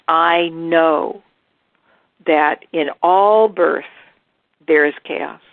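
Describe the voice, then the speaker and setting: A woman hosting a spiritual talk show, speaking slowly and earnestly in a reflective monologue. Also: low-pitched, dry recording, phone-quality sound. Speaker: host.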